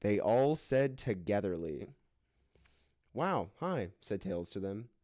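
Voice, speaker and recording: A man with a lowish voice performs a comic dramatic reading of a silly story, throwing himself into the characters' lines. The sound is dry and close to the mic, with no room around it. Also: sing-song, slow pace, darkish tone, no room sound. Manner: hammy voices for quoted lines, breaks into laughter. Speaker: co-host reading a fan fiction aloud.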